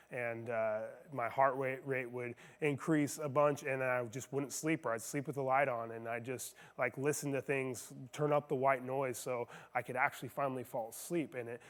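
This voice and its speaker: A man giving a casual youth talk, telling stories with frequent fillers and restarts. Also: mid-range voice. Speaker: youth speaker. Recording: long reverb of a hall.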